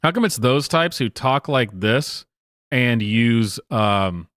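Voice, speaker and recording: Male streamer host, rambling and mocking, animated delivery, dry close-mic sound. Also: mid-range voice, takes it slowly, no echo. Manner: rambling, mocking, with frequent laughs and filler. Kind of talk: casual live-stream commentary.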